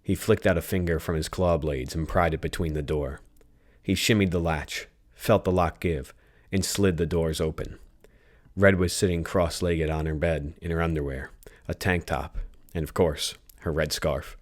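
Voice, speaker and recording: A man reading a science fiction audiobook chapter in a steady, even narration. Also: extremely low pitch, normal speed.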